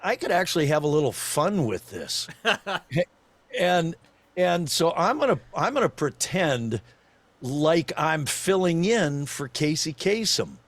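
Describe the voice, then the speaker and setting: A man in his sixties, a voice actor and former radio DJ, telling a story as a podcast guest in an animated way, chuckling and slipping into other voices. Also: a little high, a little slow, no room sound. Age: 60s.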